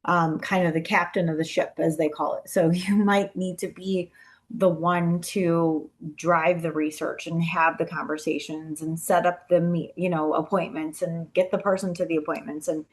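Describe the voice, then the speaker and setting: A woman presenting a talk on brain health to caregivers, speaking casually with lots of "you know" and "um", gentle and encouraging. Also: lowish voice, flat delivery, normal speed.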